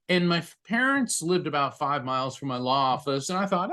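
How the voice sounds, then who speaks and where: A man telling a personal story as a podcast guest, often halting and repeating words as he goes. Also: on the high side, animated, a bit bright. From United States. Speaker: psychic medium and attorney, podcast guest.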